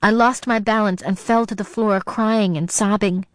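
A woman's voice: mid-range voice, fairly even intonation, moderate pace, no echo. Brief: woman audiobook narrator, tense first-person storytelling, dry close sound.

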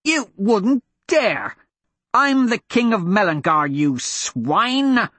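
A man voicing a young, arrogant prince who is tied up and shouting indignant demands, with a husky, dry sound. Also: high voice, very animated, slow, no echo, pitched above the performer's own voice, full character voice. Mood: outraged. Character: young arrogant male prince, bound and furious.

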